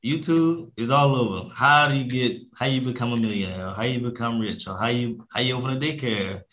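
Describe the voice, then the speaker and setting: A laid-back young man in a casual interview, talking loosely with slang and acting out phone calls. His voice sits at an ordinary middle pitch for a man. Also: a little fast, fairly bright tone. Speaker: podcast guest, real estate investor.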